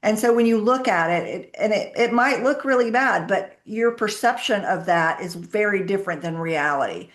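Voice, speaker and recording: A woman's voice: mid-range voice, expressive, normal speed, hardly any pauses. A middle-aged woman, a guest on a business podcast, answering questions with candid personal stories and acting out what people said. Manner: candid storytelling, acts out her own quoted dialogue. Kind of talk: conversational interview answers.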